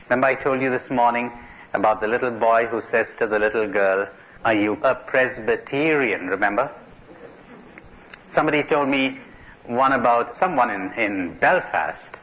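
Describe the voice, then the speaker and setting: A middle-aged man gives a live talk at a spiritual conference, asking his listeners questions and telling them jokes. His voice is mid-range and fairly bright at a moderate pace, on a dull lo-fi cassette tape recording.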